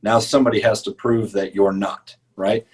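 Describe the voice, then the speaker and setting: A man with a slightly husky, breathy voice talks through sales advice on a podcast. He speaks casually, leaning on his points with rising force when he gets going. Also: on the low side, flat delivery, moderate pace, poor audio. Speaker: podcast co-host.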